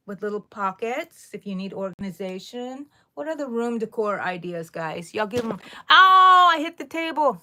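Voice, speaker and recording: A woman's voice: mid-range voice, fairly bright tone. A middle-aged woman hosting a casual crochet live stream, chatting, reading viewer comments aloud and laughing often. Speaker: crochet livestream host.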